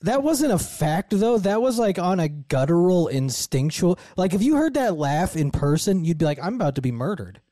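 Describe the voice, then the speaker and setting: A man's voice: high-pitched, very animated, normal speed, hardly any pauses, dark tone, no echo, clean studio sound. A man co-hosting a casual podcast, laughing and swearing as he reacts to a clip in a loose, slangy way. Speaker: podcast co-host.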